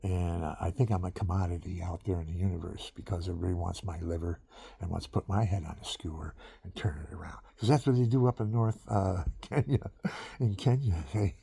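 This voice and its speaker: A man with a gravelly, husky voice talks on tape in a loose, wandering monologue, drifting between stories and chuckling as he goes. His tone is dark and mellow and sits fairly low. The sound is dry and close, with no room around it. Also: steady tone, brisk, dry recording. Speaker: monologuist recording himself. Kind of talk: rambling casual monologue.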